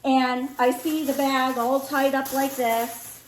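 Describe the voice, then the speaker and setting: A middle-aged woman vlogging from home, telling a story in a lively casual way and acting out the dialogue. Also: sits high, takes it slowly, background noise. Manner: animated, acts out both sides of the story. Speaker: lifestyle vlogger. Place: home room. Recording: echoey room.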